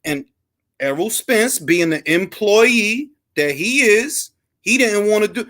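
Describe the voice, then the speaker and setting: Male boxing commentator with a high voice, heated, profane and repetitive. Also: very animated, takes it slowly, fairly bright tone. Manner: emphatic, profane, repetitive ranting. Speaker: boxing content creator and host.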